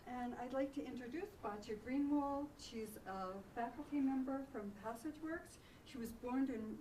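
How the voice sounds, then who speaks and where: Event host, woman, plain and slightly halting delivery, distant mic, noisy room. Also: a little high, darkish tone. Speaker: event host, introducing a speaker. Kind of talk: announcements and introduction.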